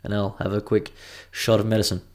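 Profane, rambling man, low voice. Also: flat delivery, fairly quick, a little mellow. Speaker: podcast host. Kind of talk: casual podcast monologue.

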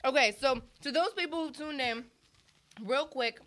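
A woman's voice: high-pitched, normal speed, fairly bright tone. A woman hosting a casual live stream at a table, chatting and laughing while eating, flustered by technical trouble. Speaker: host. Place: indoors at a table with food. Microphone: tablet or phone on a table.

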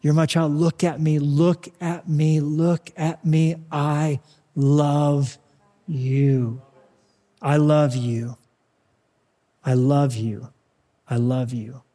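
A preacher voicing the tender Holy Spirit, hushed. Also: male voice, fairly high pitch, fairly even intonation, big-room sound. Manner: soft, hushed, slow.

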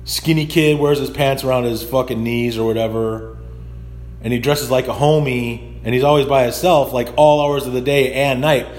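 A man's voice: mid-range voice, fairly even intonation, normal speed, darkish tone. A middle-aged man hosting a podcast, delivering a blunt, profanity-laced casual monologue that builds into rants. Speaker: podcast host.

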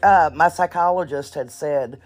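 A woman hosting her own podcast in casual chat, blunt and profane, a little nervous and halting. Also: sits low, soft background music. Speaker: podcast host.

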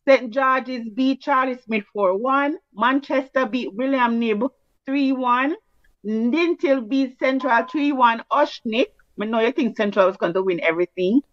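A Jamaican woman rattles through results in brisk, teasing sports chat. Her voice sits a little high. The sound is dry and a bit muffled, like a lo-fi recording. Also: no room sound. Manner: brisk, teasing, patois-flavoured. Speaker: sports show co-host. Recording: dull lo-fi sound.

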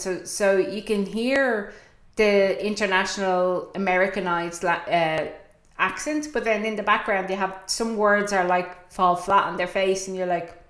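A woman's voice: mid-range voice, a bit bright. A middle-aged Irish woman hosting a podcast, chatting casually and telling stories with animation. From Ireland. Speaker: podcast host. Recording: echoey room.

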